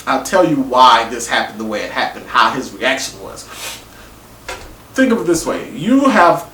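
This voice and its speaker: A man giving a casual, animated review of a TV episode, acting out people's reactions in slangy everyday talk. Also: medium pitch, moderate pace, slight background noise. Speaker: TV show reviewer. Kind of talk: casual opinion monologue. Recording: echoey room, mic at a distance.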